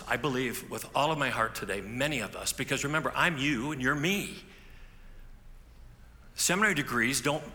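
In an echoey hall with faint ambience, a pastor preaches through conversational stories, restarting again and again. He has a mid-range, pushed, bright voice.

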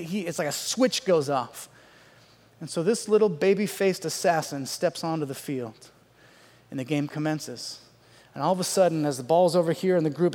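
A middle-aged man telling a comic story on stage, animated, with loud outbursts and hushed asides. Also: on the high side. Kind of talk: stand-up storytelling. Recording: long reverb of a large hall.

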